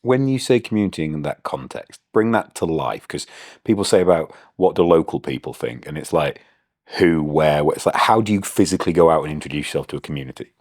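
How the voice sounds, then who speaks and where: Male interview host, deep voice that moves a lot; dry close mic, probing and playful. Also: animated, fairly quick, a little mellow, dry recording. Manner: conversational, probing questions, playful. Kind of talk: casual interview chat.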